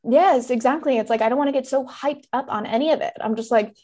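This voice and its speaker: Fast-talking woman podcast guest. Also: high-pitched, mellow. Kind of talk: casual chat.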